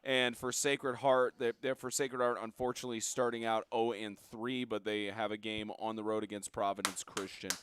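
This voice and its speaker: A man hosting a casual high school football radio show, laid-back, correcting himself and laughing easily. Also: level tone, moderate pace, few pauses, background noise. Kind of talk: casual sports talk.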